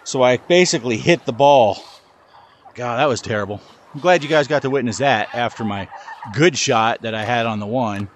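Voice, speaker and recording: A man's voice: mid-range voice, moderate pace, slight background noise. A middle-aged man giving casual, self-deprecating commentary while playing a VR golf game, talking to his ball as he plays. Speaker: gaming channel host.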